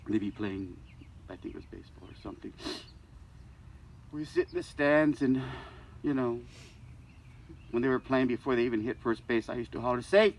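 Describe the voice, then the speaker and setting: A man's voice: mid-range voice, moderate pace, creaky, slight background noise. Older man telling a joking eulogy. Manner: folksy and joking, acts out dialogue. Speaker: eulogy speaker, friend of the deceased. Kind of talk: storytelling eulogy. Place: church service.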